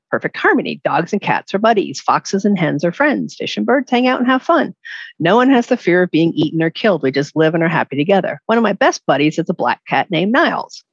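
A woman voicing an eager, cheerful young male dog in heaven, reading aloud from her book with a husky voice. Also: fairly low pitch, dry recording, muffled recording. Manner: bright, excited storybook read-aloud.

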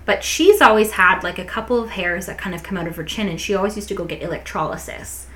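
A young adult woman co-hosting a casual podcast chat, telling an animated story, swearing freely and tacking on "and whatnot". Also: medium pitch, fast, slight background noise. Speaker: podcast co-host.

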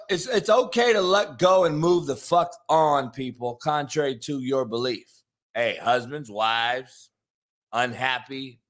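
Hoarse, brash sports show host, a man. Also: medium pitch, a bit bright. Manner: brash, profane, hype-driven. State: hoarse from yelling. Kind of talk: morning sports talk show.

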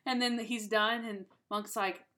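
A woman's voice: fairly high pitch, a little slow, slight background noise. Chatty woman retelling a TV episode. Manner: lively retelling with lots of "like". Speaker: podcast co-host. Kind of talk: casual chat recapping a TV episode.

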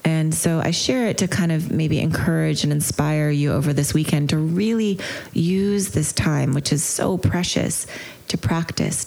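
Woman teaching mindfulness at a retreat, deep-ish voice w/ lots of vocal fry, thoughtful and a bit halting. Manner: earnest, reflective storytelling with gentle hesitations. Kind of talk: retreat lecture with storytelling.

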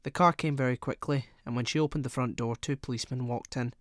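In this audiobook narration, a male narrator reads a short story with calm, measured pacing. His voice sits in an ordinary middle pitch, captured close-up and dry with no echo.

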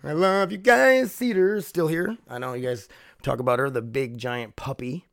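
A man's voice: mid-range voice, moderate pace, gravelly, no echo, clean studio sound. A man hosting a casual solo podcast from home, rambling, swearing freely and laughing often. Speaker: podcast host.

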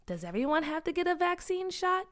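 A woman's voice: very high voice, sing-song, fairly quick, voice pushed up. Woman voicing Peach, a grumbly schoolgirl.

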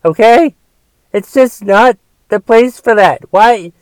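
In a high, smooth voice, a man slowly delivers a solo rant full of profanity and exasperation, with frequent restarts. There is no echo on the recording.

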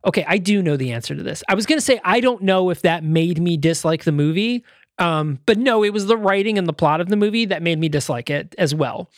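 Higher-voiced man in casual chat. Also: animated, brisk, dry recording, clean studio sound. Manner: rambling, lots of fillers and restarts. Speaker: podcast co-host. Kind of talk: casual movie-review chat.

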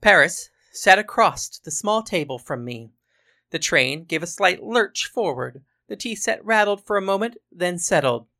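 A woman narrating a storybook in a wry, even manner. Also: on the low side, a little slow.

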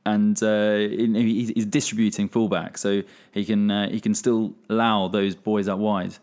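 A young man with a low voice co-hosts a casual podcast. He builds his points in a measured way, with plenty of ums and uhs along the way. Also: flat delivery, darkish tone. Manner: measured, filler-heavy, analytical. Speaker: podcast co-host.

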